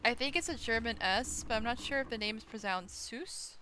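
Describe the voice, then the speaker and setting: A woman's voice: on the high side, a little fast, sharp tone, slight background noise. A woman streaming a game in casual chat, thinking aloud, asking her chat questions and gushing over cute things. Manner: gushing and easily delighted. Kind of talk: casual gameplay commentary.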